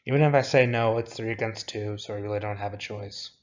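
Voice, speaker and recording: A man's voice: fairly low pitch, fairly even intonation, fast talker, dull audio, lightly acted. A man voicing a smirking, teasing young woman with a sarcastic manner. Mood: resigned.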